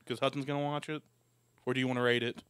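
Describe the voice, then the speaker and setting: Smooth-voiced relaxed podcast man. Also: medium pitch, fast, no room sound, studio quality. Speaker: podcast host. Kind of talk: casual chat.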